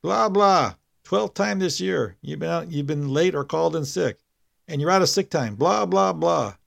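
A man's voice: on the high side, animated, normal speed, vocal fry, a bit bright, voice pushed up, exaggerated voice. A man mockingly voicing his dismissive boss reading out a warning. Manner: droning, mocking.

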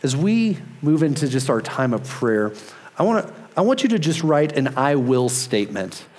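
A man in his thirties preaching a sermon, earnest and emphatic, easing into a soft, quiet tone for prayer. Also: medium pitch, very animated, moderate pace. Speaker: pastor.

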